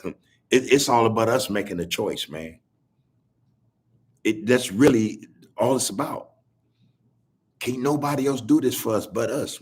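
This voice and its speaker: A man's voice: on the low side, breathy edge. A man hosting a podcast on a video call, talking in a preachy, rambling, drawling way. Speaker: podcast host. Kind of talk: casual commentary.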